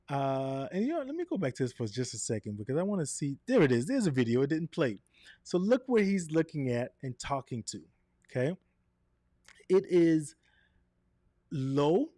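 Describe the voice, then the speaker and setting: A man teaching a live online class on presenting to camera, animated, often checking in with "right?". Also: mid-range voice, no room sound, clean studio sound. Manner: animated, varies tone to demonstrate, frequent "right?". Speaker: presentation coach. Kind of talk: live online coaching session.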